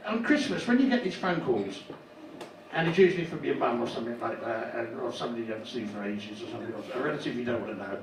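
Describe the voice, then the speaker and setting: An older man doing a stand-up comedy set, telling crude stories in a deadpan way and landing sudden loud punchlines. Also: medium pitch, fast. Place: comedy club stage. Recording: roomy live venue, distant mic, loud crowd noise.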